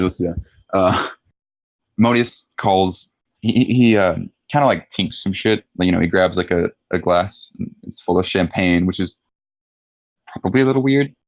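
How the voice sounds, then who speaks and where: A low-voiced man narrates a tabletop game as game master, taking his time. He stumbles through fillers and restarts as he describes each scene. The recording is dry and close. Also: no echo, poor audio. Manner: halting, full of fillers and restarts, laughs often.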